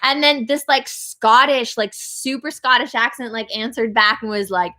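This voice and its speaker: A woman's voice: on the high side, fairly even intonation, moderate pace, sharp tone. A woman telling a story in a casual livestream chat, full of fillers. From Canada. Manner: chatty storyteller, many "like" fillers. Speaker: band member hosting a livestream chat.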